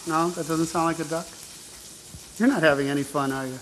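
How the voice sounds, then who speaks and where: A man's voice: fairly high pitch, steady tone, brisk, long pauses, heavy background noise. A man hosting a cooking show, giving upbeat, chatty step-by-step instructions with an encouraging, teasing manner. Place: show kitchen at the stove.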